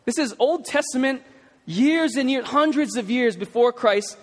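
A man's voice: very high voice, expressive, normal speed. A man preaching a sermon in a casual, conversational way, with emphatic questions to the congregation. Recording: long hall reverb.

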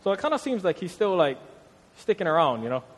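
A young man from Hawaii, preaching a casual, slang-filled sermon in a conversational, animated way. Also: high-pitched, fast, slightly rough. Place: church hall. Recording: long hall reverb.

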